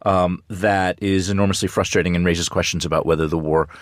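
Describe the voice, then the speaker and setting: A man speaking as a news commentator in a radio studio discussion, measured with a dry wit and frequent ums. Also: low voice, fairly even intonation, no room sound. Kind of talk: radio current-affairs discussion.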